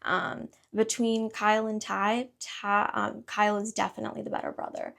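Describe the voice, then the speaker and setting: A woman beauty vlogger chats casually through a get-ready-with-me video, wandering from thought to thought with plenty of fillers. Her voice sits at an ordinary middle pitch for a woman. It often settles into a gravelly, fry-laden texture. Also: flat delivery, moderate pace, a bit bright. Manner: rambling, filler-heavy, chatty.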